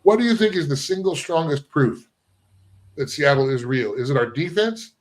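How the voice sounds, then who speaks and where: A man's voice: a little high, lively intonation, normal speed. A man hosting a casual sports talk show, quoting statistics and putting questions to his co-host. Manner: asks questions, cites stats from notes.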